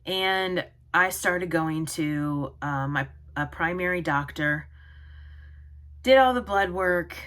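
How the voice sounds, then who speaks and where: A woman in her forties vlogging to camera, talking in an earnest, halting way with many pauses. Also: on the low side, a bit bright. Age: 40s. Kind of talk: personal vlog talk to camera.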